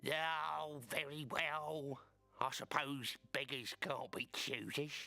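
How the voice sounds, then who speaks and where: A man's voice: on the high side, flat delivery, takes it slowly, vocal fry, bright, forceful tone, full character voice. An actor voicing an old, sardonic male servant in a video game, dry and condescending. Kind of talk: 1990s video game voice acting.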